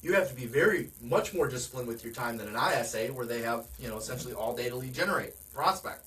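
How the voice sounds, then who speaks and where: A man's voice: medium pitch, animated, fast talker, bright, forceful tone, far from the mic, low-quality recording. A man giving a direct, conversational sales training talk, often asking his listeners questions. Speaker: real estate sales coach.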